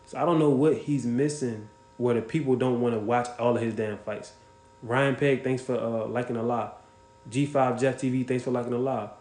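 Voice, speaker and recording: This livestream host is blunt and profane, reacting to his viewers and giving them shout-outs by name. He speaks at a moderate pace in a steady tone, with a typical male pitch and an echoey, roomy sound.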